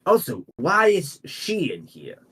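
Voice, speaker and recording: A man's voice: fairly high pitch, wildly swooping pitch, slow, fairly bright tone, breathy edge, pitched above the performer's own voice, exaggerated voice. A man voicing a grumpy, tired old male guild lord who complains impatiently. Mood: grumbling.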